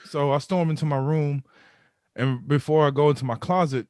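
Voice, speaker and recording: A man, a podcast guest, telling a candid personal story in an animated way and acting out his own thoughts. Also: fairly high pitch, normal speed, no room sound, clean studio sound.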